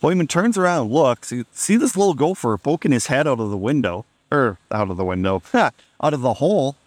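A man's voice: medium pitch, animated, a little fast, dry recording. A man casually telling a funny story on a podcast, amused and laid-back, acting out what people said.

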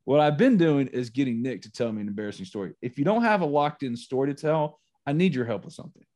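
A middle-aged man hosting a casual sports podcast, telling stories animatedly with dramatic, shouted re-enactments. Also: medium pitch, lively intonation, fast talker. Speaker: podcast host.

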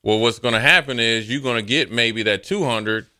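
A man's voice: mid-range voice, moderate pace, pushed and bright, no echo, clean studio sound. A man co-hosting a casual sports talk show, explaining his view in a confident, chatty way. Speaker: co-host.

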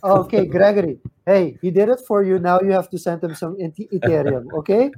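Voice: medium pitch, fairly quick, dark tone, husky, no room sound. A co-host who opens the show in a casual, upbeat way, telling how they met the guest and reading out viewer comments. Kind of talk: casual conversation.

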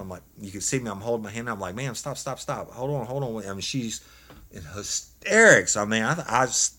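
A man, a former police officer telling a story in an animated, folksy way, laughing as he goes. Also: on the low side. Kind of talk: casual storytelling chat.

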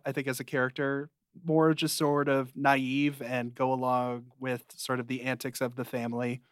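Young male podcast co-host, smooth clear voice, dry close sound, rambling recap. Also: mid-range voice, dry recording. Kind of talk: casual chat.

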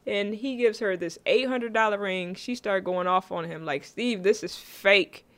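A woman co-hosts a relaxed chat about a sitcom episode. She retells the scenes with drama, breaking into laughter often. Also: mid-range voice, normal speed. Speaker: podcast co-host. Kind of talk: casual chat reviewing a sitcom.

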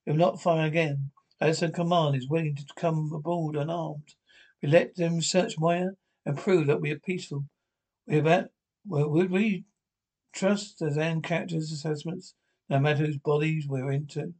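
A man's voice: fairly high pitch, fairly even intonation, normal speed, a little mellow. A man reading an episode script aloud, directions and dialogue alike, with frequent stumbles and restarts. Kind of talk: read-aloud script narration.

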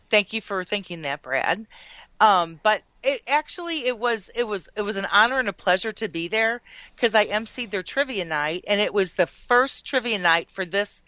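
A woman's voice: mid-range voice, fairly bright tone, dry recording. A woman co-hosting a radio talk show, chatting in an upbeat, agreeable way. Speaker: radio co-host. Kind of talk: casual radio banter. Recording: dull lo-fi sound.

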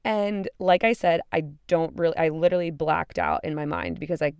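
A woman's voice: low-pitched, brisk, a little mellow, smooth, dry recording. A woman in her twenties hosting a podcast, telling a personal story in a candid, casual way and swearing freely. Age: 20s. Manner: candid and profane, retelling with acted-out quotes. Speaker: podcast host.

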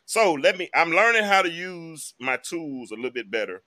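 A man hosts a live online talk show, offering casual, emphatic commentary and chatting straight to his viewers. His voice is a little high and sharp in tone, very animated, at a normal speed.

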